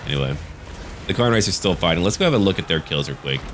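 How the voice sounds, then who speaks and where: A man's voice: deep voice, lively intonation, quick pace, a little hiss or hum. A man casually commenting on a strategy game battle, chatty and joking. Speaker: gaming channel host.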